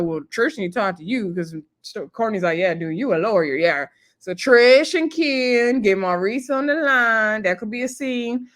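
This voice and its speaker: A woman's voice: fairly high pitch, fairly bright tone. A woman casually recapping a reality TV episode, chatty and laughing often, acting out cast members' lines. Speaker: TV show reviewer.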